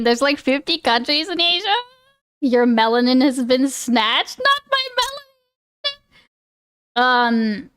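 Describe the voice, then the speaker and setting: A woman's voice: on the high side, fairly bright tone. A woman live streamer chatting casually with her viewers. She rambles, restarts often, laughs a lot and swears freely.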